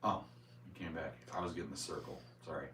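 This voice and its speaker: Low gravelly drawl for reading viewer chat aloud; a woman puts it on, raspy and flat. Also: quick pace, heavily acted. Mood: deadpan. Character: chat viewers' comments, read in a deep voice.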